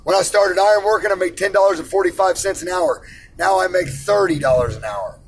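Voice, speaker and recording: A man's voice: sits high, a little fast, a little hiss or hum, low-quality recording. A man in his forties who works in iron, ranting bluntly and profanely about money and personal responsibility. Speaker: iron worker ranting on camera.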